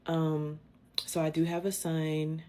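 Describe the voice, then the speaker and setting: A woman's voice: deep voice, completely flat delivery, takes it slowly, mellow. A woman quoting her evasive boyfriend in a hesitant, apologetic way, full of fillers. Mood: sheepish.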